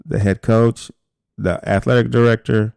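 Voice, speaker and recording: A man's voice: fairly low pitch, measured pace, gravelly, clear, resonant tone, dry recording, studio quality. A middle-aged man telling his story in a candid, conversational way and acting out other people's voices. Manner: animated, acts out other people's voices in quotes.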